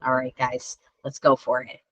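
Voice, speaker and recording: A woman teaching children a mindful breathing lesson, gentle and encouraging, laughing at herself when it goes wrong. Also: extremely low pitch, monotone, normal speed, no echo, muffled recording. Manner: gentle, encouraging, self-deprecating. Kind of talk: guided breathing lesson for kids.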